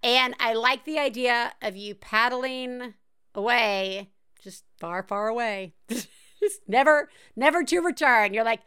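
A woman's voice: fairly high pitch, animated, slow, pushed and bright, clean tone. Chatty woman podcast host, giggly. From American South. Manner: chatty, laughs often, filler-heavy storytelling. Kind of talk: casual chat.

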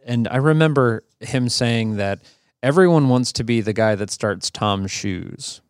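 A man co-hosting a podcast, telling a story in a relaxed, rambling way with a gravelly voice. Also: mid-range voice, unhurried, no echo, studio quality. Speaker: podcast co-host. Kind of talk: casual chat, storytelling.

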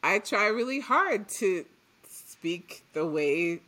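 A woman from Trinidad, chatting casually as a podcast co-host, telling stories and acting out what she once said. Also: medium pitch. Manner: animated storyteller, acts out her own past lines, quick asides. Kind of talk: casual chat.

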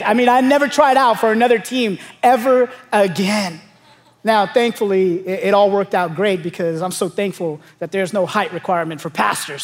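A man's voice: sits high, fairly quick, some chatter behind. A young adult man from Los Angeles, a pastor preaching a sermon, telling stories and building to emphatic calls to the congregation. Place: large church auditorium. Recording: long hall reverb.

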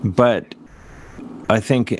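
A man's voice: fairly low pitch, very slow, a little hiss or hum. A man from Cleveland hosting a comedy show, asking playful, teasing questions. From Cleveland, USA. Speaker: host. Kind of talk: casual comedic chat.

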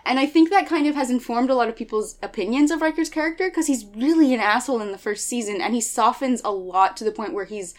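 A woman in casual chat as a podcast co-host, retelling scenes with lively quoted voices. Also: a little high. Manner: animated storyteller, acts out scenes with quick quoted voices.

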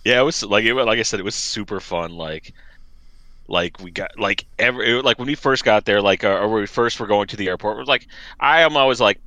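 A man tells a travel story in loose, rambling casual chat, stacking fillers and restarts. His voice is bright and forward. The sound is dry and close. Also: lowish voice, fairly quick, no room sound. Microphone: remote call mic.

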